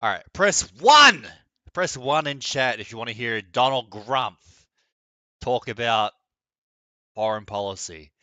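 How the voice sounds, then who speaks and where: A man's voice: medium pitch, animated, a little slow, pauses often, bright, forceful tone, dry recording. A man streaming live, giving casual reaction commentary in a crude, mocking, joking way.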